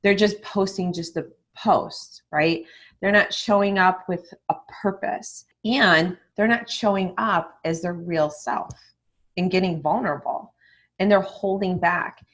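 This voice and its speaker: A woman with a somewhat low voice talks on a podcast as a guest in candid, lively conversation. She swears without fuss and drops into quick acted-out snippets of past conversations, then carries straight on. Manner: candid and animated, swears freely; acts out remembered conversations. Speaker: guest, online marketing mentor. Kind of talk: casual interview talk.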